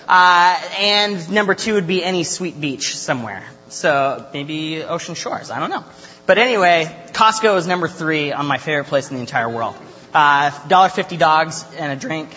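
A man's voice: fairly high pitch, sharp tone. A young man teaching a casual Bible lesson, chatty and joking with many filler uhs. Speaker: youth Bible study teacher. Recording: reverberant lo-fi hall recording with faint hum.

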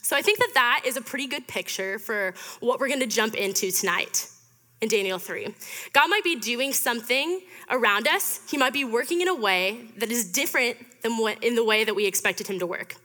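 A woman's voice: on the high side, expressive, brisk, pushed and bright. A young woman in her twenties giving a chatty, upbeat storytelling sermon to a student fellowship, with lots of fillers. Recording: reverberant hall.

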